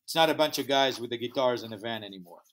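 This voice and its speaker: The founder of a music festival, medium-pitched and fast-paced, tells a lively interview story. He acts out the quoted exchanges in English that is slightly non-native.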